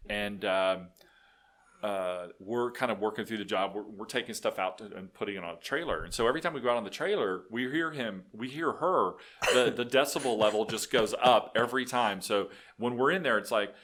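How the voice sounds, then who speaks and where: A middle-aged man, a guest telling animated work stories with many restarts. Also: lowish voice, brisk. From Texas. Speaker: guest, business owner. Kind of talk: casual storytelling.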